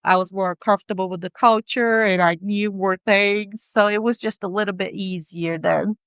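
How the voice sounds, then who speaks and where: A woman's voice: mid-range voice, fairly even intonation, moderate pace, fairly bright tone, clear, resonant tone, no echo. A middle-aged woman speaking English with a non-native accent, chatting as a podcast guest and laughing often as she searches for words. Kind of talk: casual interview chat.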